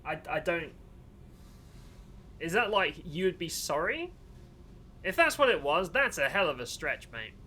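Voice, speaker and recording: A male game streamer with a high, bright voice, chatting casually over his gameplay. His pitch swings all over the place as he jokes and grumbles in exasperation. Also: a little slow, long pauses, slight background noise. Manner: animated, exasperated and joking. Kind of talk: casual gaming commentary.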